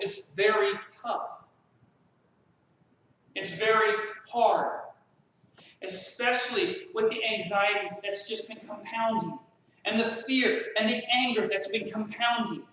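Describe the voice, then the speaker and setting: A man with a high voice preaches a sermon, impassioned and full of rhetorical questions. He is recorded from well off the mic, so his voice rings through a very echoey church. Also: animated, takes it slowly, fairly bright tone. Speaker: pastor. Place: church sanctuary. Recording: very echoey room, mic far off.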